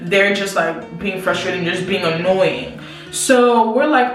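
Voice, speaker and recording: A young woman telling a story to her viewers in a lively, slangy way, talking straight to them. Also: mid-range voice, normal speed. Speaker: vlogger. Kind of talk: casual storytelling to camera. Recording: very echoey room, distant mic, faint music.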